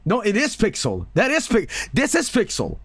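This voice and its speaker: A man's voice: high-pitched, huge pitch swings, normal speed, a bit bright, breathy edge, no room sound. A man streaming live and chatting casually with viewers, joking, swearing and sarcastic, with music playing behind him.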